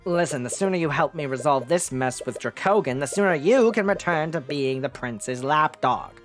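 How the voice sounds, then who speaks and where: A man's voice: a little high, lively intonation, normal speed, faint music behind, close to an everyday voice. A man voicing a haughty scheming male noble with a condescending, arrogant manner. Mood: scornful.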